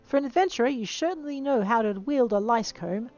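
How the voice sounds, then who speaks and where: A woman's voice: on the high side, expressive, brisk, darkish tone, highs cut off, soft background music, pitched above the performer's own voice, natural voice. A woman reading out the lines of a gushing male farmer who dotes on his animals, in a theatrical, swooning way. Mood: doting.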